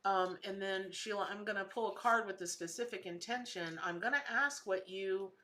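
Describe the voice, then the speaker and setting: A woman's voice: mid-range voice, normal speed, sharp tone, a little hiss or hum. A woman hosting a live tarot stream, reading viewers' questions and talking in a chatty, emotional, effusive way. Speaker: tarot and spirit animal reader.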